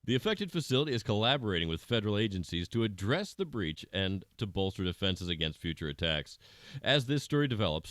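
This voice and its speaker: A man co-hosting a comedy podcast, reading news stories in a deadpan newsreader manner. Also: fairly low pitch, no echo, clean studio sound. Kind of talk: mock news anchor delivery.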